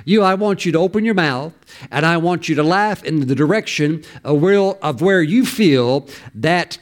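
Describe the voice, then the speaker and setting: Brief: middle-aged man, pastor delivering a storytelling sermon, voice sitting a bit high, exhorts the congregation. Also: moderate pace. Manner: storytelling preacher who exhorts and laughs loudly.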